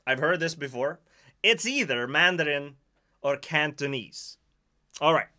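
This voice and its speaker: Animated Swedish man streaming. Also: fairly high pitch, unhurried. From Sweden. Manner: animated, laughing, self-deprecating. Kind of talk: casual live-stream chat.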